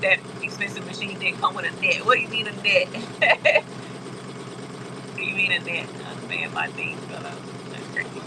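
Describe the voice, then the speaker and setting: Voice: mid-range voice, huge pitch swings, normal speed, long pauses, very noisy. An embroidery channel host chatting casually on a livestream, calling viewers y'all and reading out chat comments.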